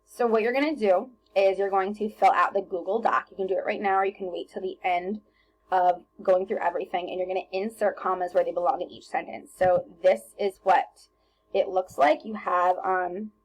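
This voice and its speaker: A woman teacher talking students through a recorded grammar lesson on slides, relaxed and chatty with lots of ums and self-corrections. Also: mid-range voice, moderate pace, rough recording.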